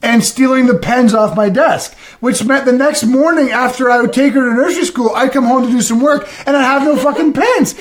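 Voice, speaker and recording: A man co-hosting a podcast, telling funny stories in a casual, animated and profane way. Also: very high voice, fairly quick, hardly any pauses. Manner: animated, profane, self-mocking storyteller. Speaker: podcast co-host. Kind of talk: casual storytelling chat.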